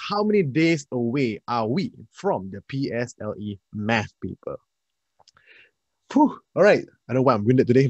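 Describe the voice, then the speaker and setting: A man, an energetic, chatty math tutor leading a live online class and addressing his students directly. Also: medium pitch, breathy edge, no echo, muffled recording.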